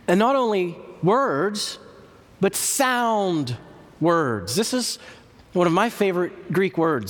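A man preaching a teaching sermon, slow and emphatic, repeating key words with long pauses. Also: medium pitch. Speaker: church historian and lecturer. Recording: reverberant hall recording.

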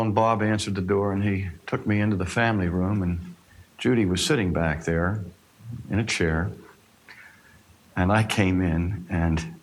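A male minister telling a personal story in a sermon, earnest and reflective, quoting the people he met. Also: lowish voice.

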